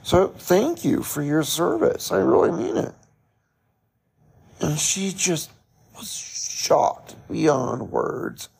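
A man's voice: on the high side, wildly swooping pitch, takes it slowly, gravelly, darkish tone, breathy edge. A man hosting a podcast, casually telling a story in a chatty way, laughing often and restarting his sentences. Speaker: podcast host.

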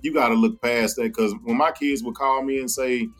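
A man in casual podcast conversation, speaking earnestly and in a storytelling way. His pitch sits in a middling range, and he acts out quoted lines. Faint music plays quietly behind him. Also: fairly even intonation, normal speed. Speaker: podcast guest.

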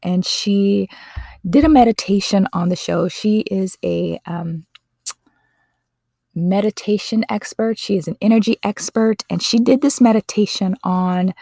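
A woman's voice: medium pitch, creaky, a little mellow, no echo, studio quality. A woman hosting a podcast, talking earnestly and emotionally, often correcting herself as she goes. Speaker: podcast host. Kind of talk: casual podcast monologue.

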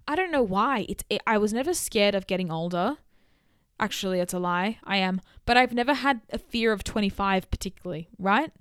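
A woman in her twenties hosting a casual solo podcast. She talks in an animated, chatty way with emphatic bursts. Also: medium pitch, fairly quick, clear, resonant tone, no echo, studio quality. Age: 20s. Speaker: podcast host.

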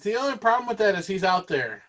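Male podcast co-host, a bit higher-pitched, dry joker. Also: very animated, fast, a bit bright. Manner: wry, quips and laughs. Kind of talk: casual podcast chat.

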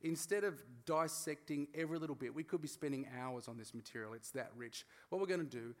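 A man's voice: on the high side, brisk. A man with an Australian accent preaching a sermon to a congregation, telling a casual, self-deprecating story. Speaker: pastor. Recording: reverberant hall sound.

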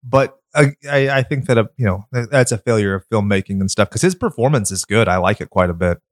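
A man's voice: on the low side, brisk, no room sound, studio quality. A man hosting a podcast, chatting casually about films in a blunt, enthusiastic way and swearing freely. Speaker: podcast host. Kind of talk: casual film chat.

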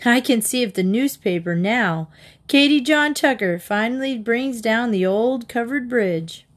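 A woman's voice: fairly high pitch, lively intonation, unhurried, voice pushed up. A woman reading as a joking, teasing boy.

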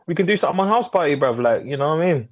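A man's voice: fairly high pitch, lively intonation, very fast, no room sound, poor audio. A young man, telling stories in slang in a casual podcast chat. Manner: slangy, storytelling. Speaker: podcast co-host.

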